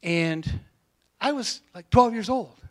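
A man preaching a sermon in a folksy storytelling way, moving from quiet asides to loud calls to the congregation. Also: high-pitched, expressive, slow pace. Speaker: pastor.

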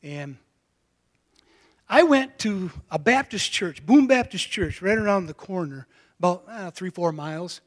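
A man preaching a sermon in a folksy storytelling way, moving from quiet asides to loud calls to the congregation. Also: sits high, animated, a little slow. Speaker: pastor.

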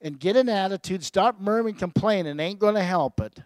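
A male pastor preaching a sermon, swinging between emphatic peaks and low, quiet asides, and often laughing at himself. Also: a little fast, no echo, low-quality recording.

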